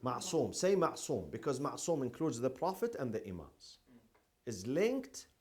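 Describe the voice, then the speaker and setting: A man teaches a classroom lecture. He keeps asking the class questions and repeats each key term several times, and his pitch swings widely. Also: big pitch swings, measured pace, a little mellow.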